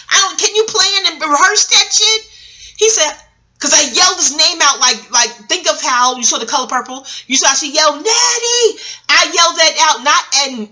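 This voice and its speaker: A woman's voice: high voice, sharp tone. A woman, telling a profane, laughing story and acting out everyone's lines. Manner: profane, laughing, acts out quotes in many voices. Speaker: vlogger. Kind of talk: animated storytelling rant. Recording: audio-only home vlog.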